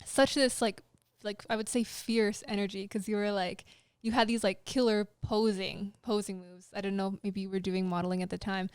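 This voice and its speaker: A woman's voice: mid-range voice, steady tone, moderate pace, clean tone, no room sound, studio quality. A woman co-hosting a podcast interview, rambling casually with many "like"s and restarts. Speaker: podcast co-host.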